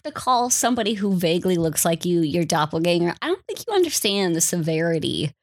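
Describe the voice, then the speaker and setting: Young woman from wisconsin chatting on a podcast, lowish voice, dry close sound, jokey and rambling. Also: big pitch swings, a little fast, dry recording. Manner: chatty, self-deprecating, jokey. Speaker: podcast co-host. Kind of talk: casual chat.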